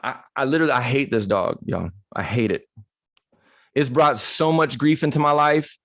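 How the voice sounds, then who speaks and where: A motivational speaker with a medium-pitched, fairly bright voice talks at a moderate pace, telling personal stories in a casual, candid, and humorous way. He's conversational and acts out dialogue within his stories. The recording is dry and studio-clean.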